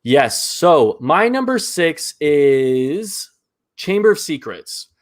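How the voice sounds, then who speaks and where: A man hosting a live movie ranking show in casual chat, enthusiastic and quick to laugh, with lots of fillers. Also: fairly high pitch, sing-song.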